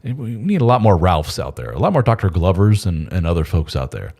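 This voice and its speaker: Low-voiced man rambling live. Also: sing-song, fairly quick, gravelly, darkish tone. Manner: rambling, loose and candid, with mild swearing. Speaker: host of a men's support channel. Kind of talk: casual live-stream chat.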